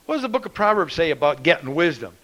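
A man preaching a fervent sermon, reading scripture in a ringing voice and swinging between loud proclaiming and hushed asides. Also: a little high, big pitch swings, quick pace, low-quality recording.

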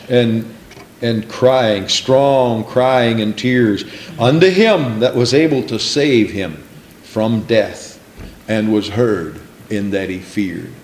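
A man's voice: mid-range voice, a little hiss or hum. A man preaching a sermon, repeating lines for emphasis and calling for responses from the congregation. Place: church sanctuary. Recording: echoey room.

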